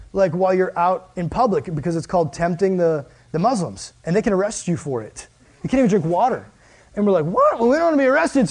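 A young male preacher with a notably high voice, telling stories in a relaxed, joking sermon. He is animated throughout and acts out the people he describes. His delivery stays conversational rather than formal. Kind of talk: casual storytelling sermon.

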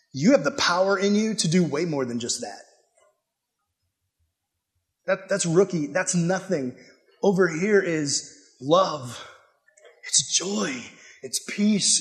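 A young man preaching a casual, animated youth sermon, acting out quotes as he goes. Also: high-pitched. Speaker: youth pastor.

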